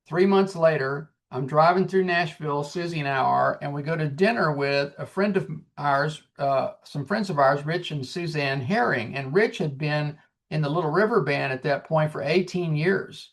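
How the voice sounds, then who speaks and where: A man in his sixties, a singer-songwriter guest, telling his story in an earnest, animated way and acting out the dialogue. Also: fairly high pitch, moderate pace. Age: 60s. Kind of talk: casual storytelling.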